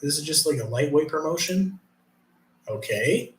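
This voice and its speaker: A man's voice: a little high, expressive, normal speed. A man casually chatting on a live stream, reading chat aloud, with profane, rambling talk. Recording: roomy echo.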